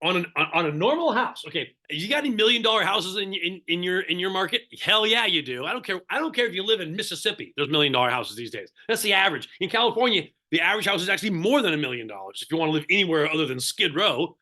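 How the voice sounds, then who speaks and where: Man, high bright voice, animated sarcastic coach who quizzes his audience on a video call. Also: quick pace, few pauses. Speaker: real estate coach. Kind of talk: live online seminar talk.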